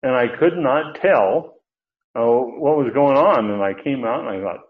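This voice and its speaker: A man's voice: mid-range voice, expressive, measured pace, narrow, tinny audio. An older man preaching an expository sermon in a folksy, digressive way, with many restarts and asides. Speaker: pastor.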